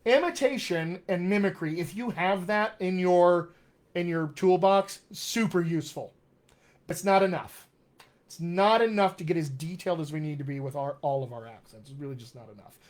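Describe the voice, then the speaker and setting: Guy coaching on a live stream, chatty and upbeat, voice sits a bit high. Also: normal speed. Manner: upbeat and encouraging, reads out viewer comments. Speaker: dialect coach hosting a live Q&A. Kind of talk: casual live-stream chat.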